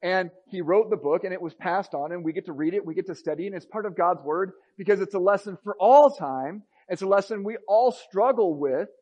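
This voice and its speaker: A man preaching a sermon, reading scripture aloud and swinging between a near hush and raised emphasis. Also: sits high, fairly quick, few pauses, lo-fi sound. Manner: expressive, rising and dropping to a near hush.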